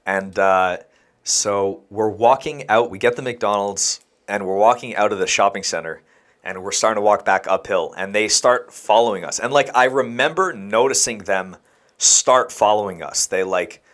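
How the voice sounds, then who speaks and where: A man's voice: on the low side, moderate pace, fairly bright tone. A man co-hosting a podcast, telling a rambling story in casual chat and laughing as he goes. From Montreal. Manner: rambling anecdotal, laughs mid-sentence. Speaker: podcast co-host.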